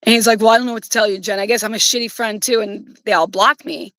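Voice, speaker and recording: A woman's voice: medium pitch, fairly even intonation, quick pace, fairly bright tone, dry recording, rough recording. A woman streamer telling a personal story in a casual, rambling way, swearing bluntly.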